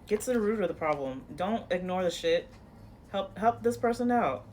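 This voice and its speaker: In a mid-range, expressive and slightly mellow voice at normal speed, a woman delivers a relaxed tarot reading with a blunt, cursing, coach-like edge. She rambles, restarts and leans on "you know," with slight noise in the background.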